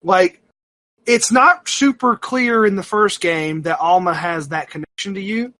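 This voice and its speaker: Podcast co-host, man, high-pitched and bright, rambling and animated with lots of fillers. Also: measured pace, no echo. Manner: rambling, full of fillers and restarts; animated, self-mocking storyteller. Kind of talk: casual chat.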